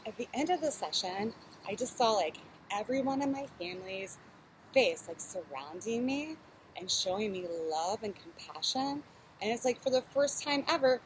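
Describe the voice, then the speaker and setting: A woman's voice: a little high, a little hiss or hum, rough recording. A young adult woman, a fitness instructor from Texas, chatting candidly and telling stories while straining through a shoulder workout at home.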